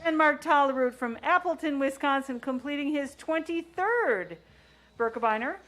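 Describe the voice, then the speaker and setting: High-voiced woman announcing ski finishers. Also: lively intonation, normal speed, fairly bright tone. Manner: upbeat, welcoming each finisher. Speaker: finish-line race announcer. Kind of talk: live race-call announcing.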